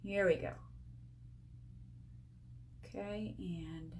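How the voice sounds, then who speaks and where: A woman's voice: medium pitch, normal speed, a little hiss or hum. A woman in her forties giving a casual live-stream makeup tutorial, chatty and upbeat, talking to herself and her viewers as she works. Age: 40s. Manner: chatty, talks to herself and viewers while working; upbeat, self-teasing. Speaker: beauty sales rep demonstrating makeup. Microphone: camera with a halo light.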